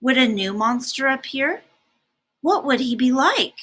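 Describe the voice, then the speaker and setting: Breathy, animated woman reading a storybook. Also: sits high, unhurried, low-quality recording. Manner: animated and expressive. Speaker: storybook reader. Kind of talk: reading a picture book aloud.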